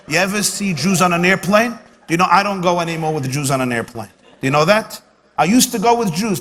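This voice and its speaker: A man with a fairly high voice tells jokes and stories to a dinner crowd, repeating his punchlines with snappy timing. He speaks from a podium in a banquet hall, so his voice carries a long reverb with faint room noise underneath. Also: a bit bright. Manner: punchy comic timing, repeats lines for effect. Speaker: rabbi giving a dinner lecture. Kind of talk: humorous speech with jokes and stories.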